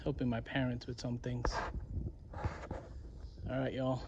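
A man casually narrating a walking tour of his garden and property outdoors, chatty and relaxed, saying y'all. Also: medium pitch, measured pace, highs cut off, noisy background. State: winded near the end. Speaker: vlogger giving a garden tour.

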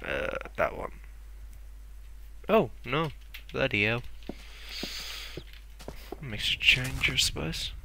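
A man's voice: mid-range voice, sing-song, slow pace, creaky, pauses often, noisy background. A young man rambling and mocking himself as he plays a block-building game. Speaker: gameplay commentator. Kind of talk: casual Let's Play commentary.

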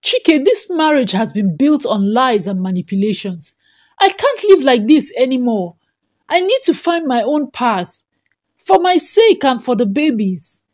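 A woman voicing a young wife who speaks calmly but firmly, at times pleading. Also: high-pitched, a little slow, full character voice. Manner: calm but firm, pleading.

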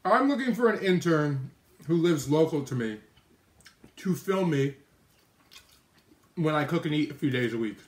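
A man's voice: fairly high pitch, animated, moderate pace, long pauses, roomy sound. A man hosting a live stream, chatting casually with his mouth full and answering viewer comments. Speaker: livestream host eating on camera. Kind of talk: casual live-stream chat while eating. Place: indoor kitchen with oven and microwave.

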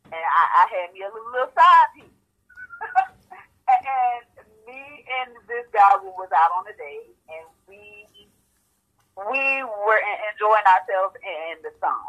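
A woman's voice: medium pitch, very animated, a little slow, a bit bright, poor audio. A woman guest in an interview, telling her personal story candidly with many stammered restarts.

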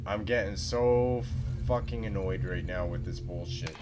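A man's voice: low voice, unhurried. A man giving casual gameplay commentary, ranting and cursing as he plays, repeating himself in disbelief. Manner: profane, exasperated ranting with lots of repetition. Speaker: let's play gamer. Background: game music.

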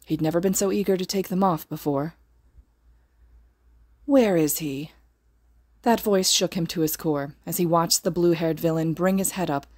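A woman reading fan fiction aloud as a podfic narrator, in a steady, expressive storytelling manner. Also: sits low, no echo, studio quality. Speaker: podfic reader.

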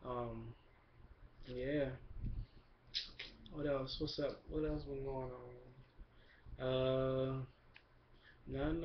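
A young man giving a relaxed, rambling video update, full of fillers and shout-outs. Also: medium pitch, a little hiss or hum. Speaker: vlogger. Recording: dull lo-fi camera recording.

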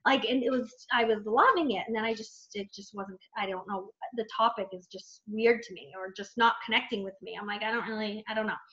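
A woman's voice: mid-range voice, a little fast, few pauses. Chatty woman coach on a muffled call. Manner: chatty, animated, many fillers and quoted self-talk. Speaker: team coach leading a training call. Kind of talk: casual training talk.

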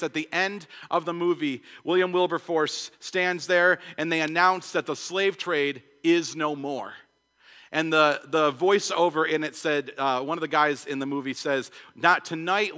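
A man preaching a sermon, animated, often repeating words and acting out the voices of the people in his story. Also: sits high. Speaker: pastor. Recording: long hall reverb.

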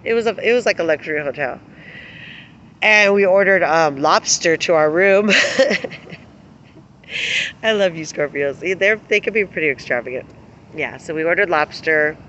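A woman's voice: low voice, lively intonation, moderate pace, pauses often, fairly bright tone, dull audio, slight background noise. A middle-aged woman vlogging, telling rambling personal stories in a casual way, laughing often and swearing freely. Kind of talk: casual storytelling to camera.

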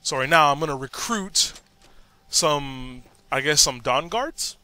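A man giving jokey, excitable commentary while playing a video game, often talking back to the characters. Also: fairly high pitch, a little slow. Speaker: gameplay commentator. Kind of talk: joking gameplay commentary.

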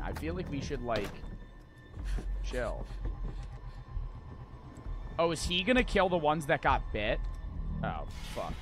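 A young man streaming a video game, swearing and yelling at the screen in loose commentary. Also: on the high side, sing-song, slow, long pauses, music in the background. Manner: loud, swearing, yells at the screen. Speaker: gaming streamer. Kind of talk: let's-play commentary.

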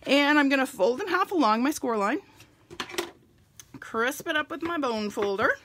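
A woman's voice: high voice, animated, moderate pace, fairly bright tone, a little hiss or hum. A middle-aged woman giving a chatty live crafting demonstration and greeting viewers by name as she works. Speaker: stamping demonstrator.

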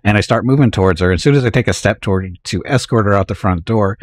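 A low-voiced man with a husky edge talks casually over a live game stream. He tells a rambling household anecdote and chuckles often before drifting back to muttering about his next moves. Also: quick pace, no echo, clean studio sound. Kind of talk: casual gameplay chat.

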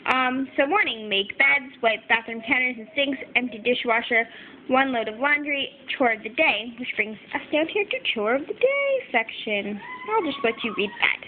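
A woman's voice: high-pitched, lively intonation, moderate pace. A young woman chatting casually through a home craft video, apologetic and full of fillers. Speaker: craft vlogger. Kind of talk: casual show-and-tell narration. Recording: tinny phone-like audio with faint background noise. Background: crying baby.

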